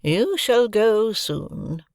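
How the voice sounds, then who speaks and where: A man voicing a brooding, imperious old woman recluse in an audiobook, drawing out each word slowly and commandingly. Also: high voice, big pitch swings, creaky, dry recording, clean studio sound, pitched above the performer's own voice, exaggerated voice. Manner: slow, drawn-out, commanding speech.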